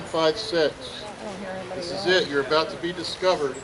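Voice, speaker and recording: Slow-talking man calling raffle numbers. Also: a little high, lively intonation, rough recording. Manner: joking, drawn out number calls. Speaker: raffle announcer at a band concert. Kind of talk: playful raffle call to an outdoor crowd. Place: outdoor concert with a crowd. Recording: crowd noise around.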